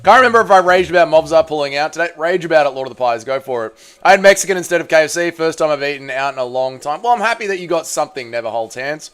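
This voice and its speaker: Male streamer, casual crude banter, fairly high voice, faint music behind. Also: animated, fast talker, a bit bright, smooth. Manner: crude, loose banter, chatting while eating. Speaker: livestream host. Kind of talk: casual watch-party chat reading viewer messages.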